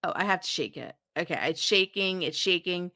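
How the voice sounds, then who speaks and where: A woman co-hosting a podcast in casual chat, unhurried and trailing off into fillers. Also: lowish voice, pushed and bright, dry recording, studio quality. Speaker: podcast co-host.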